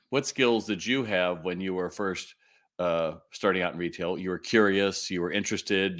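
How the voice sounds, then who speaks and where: A middle-aged man from California hosting a live retail Q&A stream, talking in an animated way and often asking viewers to respond. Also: low voice. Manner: animated, quick asides and audience calls to respond.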